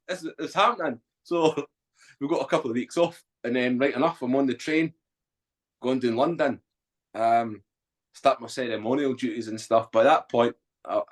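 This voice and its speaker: A man, a podcast guest telling his story candidly and bluntly, swearing freely. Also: medium pitch.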